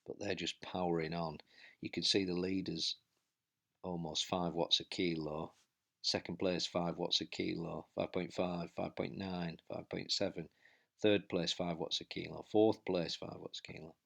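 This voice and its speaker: A man's voice: deep voice, little pitch movement, normal speed, gravelly, a bit bright. A man commentating on his own indoor bike race as he rides, out of breath and urging himself on. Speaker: cycling vlogger. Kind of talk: live race commentary while riding.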